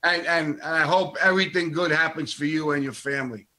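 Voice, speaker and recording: A man's voice: a little high, fairly even intonation, a little fast, sharp tone. A man co-hosting a talk show, bantering with his guest in a jokey, friendly way. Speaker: co-host.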